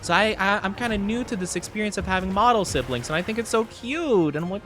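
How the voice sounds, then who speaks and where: Young male streamer, lively and excitable, pitch on the high side. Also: fast talker, hardly any pauses. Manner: playful, excitable, reacts loudly to chat. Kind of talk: casual game livestream chat.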